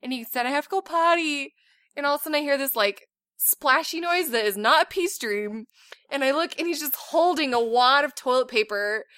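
Woman, 30s, podcast co-host and mom; bouncy, high, sweeping delivery, laughs easily. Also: fairly quick, dry recording. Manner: animated, laughing, acts out shouted quotes. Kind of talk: casual storytelling chat.

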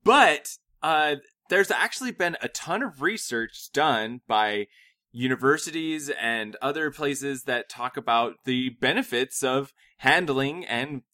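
Halting, joking man co-hosting. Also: mid-range voice, lively intonation, pushed and bright. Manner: halting, full of uh and restarts, joking. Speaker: podcast co-host. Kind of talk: casual chat.

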